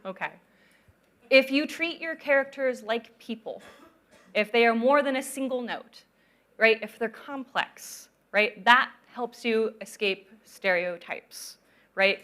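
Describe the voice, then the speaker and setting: A woman gives a conference talk on game writing in a bright, lively tone. She speaks conversationally and often checks in with the audience as she goes. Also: a little high, a little slow. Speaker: conference speaker on narrative design.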